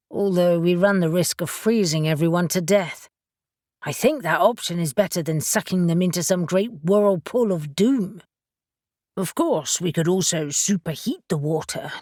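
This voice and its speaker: A woman voicing a low, measured male witch. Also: darkish tone, dry recording, clean studio sound. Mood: wry. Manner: measured, explanatory. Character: calm, knowledgeable male witch, serious. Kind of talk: audiobook character voice.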